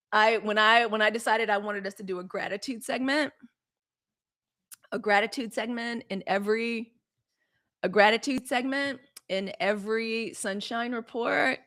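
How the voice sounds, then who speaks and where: A woman's voice: fairly high pitch, fairly bright tone. A woman, hosting a live news show in a dramatic, testifying way. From Mississippi, US. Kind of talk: casual livestream chat.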